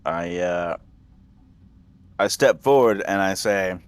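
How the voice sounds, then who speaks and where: Low-voiced, easygoing player. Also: male voice, slow pace, clean tone. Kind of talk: casual game chat.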